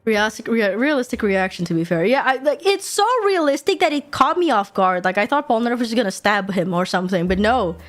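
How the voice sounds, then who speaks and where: A woman streamer chatting casually and excitedly, swearing freely and breaking into giggles. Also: a little high, fairly quick, few pauses, faint music behind.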